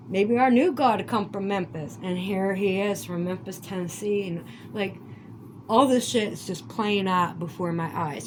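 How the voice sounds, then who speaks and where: Rambling, swearing woman with a higher voice. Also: slight background noise. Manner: animated, swearing, rising to indignant outbursts. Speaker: vlogger. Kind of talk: rambling casual monologue.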